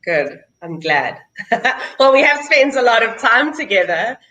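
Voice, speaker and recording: South African woman, show host; bright, tense tone, slow and chatty, quick to laugh. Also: on the high side, sing-song, poor audio. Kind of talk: casual chat on a video call.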